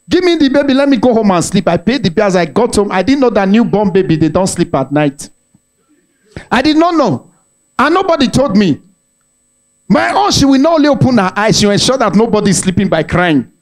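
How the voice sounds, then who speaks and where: A Nigerian man with a Nigerian accent doing stand-up, telling a family story and acting out its voices with pidgin mixed in. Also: high voice. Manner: animated, mixes in Nigerian pidgin, acts out the voices in his stories. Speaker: stand-up comedian.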